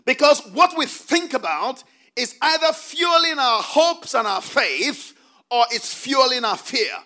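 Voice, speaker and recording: A man's voice: very high voice, animated, a little slow, sharp tone. A male preacher delivering a sermon, repeating key phrases for emphasis and calling on the congregation to answer back.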